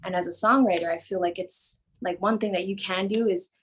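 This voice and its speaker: A woman's voice: medium pitch, steady tone, a little fast, a bit bright, husky. A woman songwriter on a festival panel, talking earnestly and thinking aloud in casual conversation.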